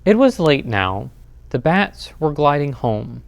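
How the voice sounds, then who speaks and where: Slow, lively bedtime story reader, man. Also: fairly high pitch, vocal fry, no echo, dull audio. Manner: slow, expressive read-aloud with dramatic pauses. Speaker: children's librarian.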